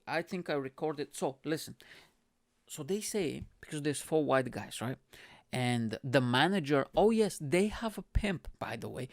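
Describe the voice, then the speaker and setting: A man hosting his own show, talking in a casual, rambling and animated way, swearing and laughing often. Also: a little high, no echo, studio quality. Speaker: podcast host. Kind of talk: casual solo commentary.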